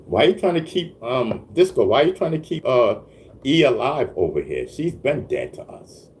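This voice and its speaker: A man's voice: medium pitch, very animated, normal speed, darkish tone, a little hiss or hum. A man hosting a casual livestream, answering his chat with stammered restarts, frequent laughter and repeated check-ins with the viewers. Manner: stammering restarts, frequent laughs, keeps asking "you know what I mean".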